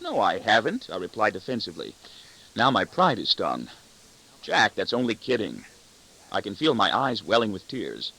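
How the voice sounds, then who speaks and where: A man's voice: lowish voice, very animated, moderate pace, vocal fry, pauses often, bright, forceful tone, low-quality recording. A man narrating an audiobook in the first person, with a wry, introspective delivery.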